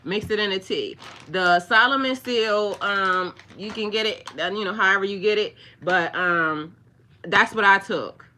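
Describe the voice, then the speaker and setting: A woman talks casually to her livestream viewers in an unhurried, drawn-out way. Her voice has a bright, forward edge. She rambles with plenty of fillers and turns scornful when she talks about trolls. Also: medium pitch. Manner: rambling and chatty, with many fillers, talking straight to viewers; mocking and scornful toward trolls. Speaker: spiritual livestream host.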